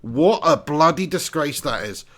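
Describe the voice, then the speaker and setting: Brief: young man, casual live-stream host, slightly high voice, salty language. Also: lively intonation, unhurried, fairly bright tone. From Dorset, England. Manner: casual, chatty, swears freely. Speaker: football watch-along host. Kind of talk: live-stream commentary and chat.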